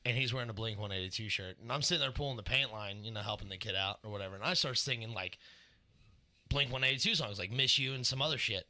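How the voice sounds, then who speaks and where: Male co-host, rapid talker, very bright edgy tone, swears freely. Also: on the low side. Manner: rapid, profane, animated storyteller. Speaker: podcast co-host. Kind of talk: casual storytelling chat.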